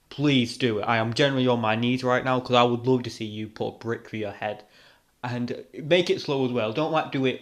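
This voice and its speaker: A young man hosting a reaction video, talking casually and mockingly with lots of rambling fillers. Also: medium pitch. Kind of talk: casual commentary over clips.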